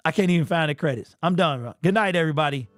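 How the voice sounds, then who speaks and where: A young man hosting a fan livestream postgame show, talking excitedly and casually to his chat in slang. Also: on the high side, rapid-fire, no echo, faint music behind. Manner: excitable, slangy, talks straight to the chat with lots of "bro".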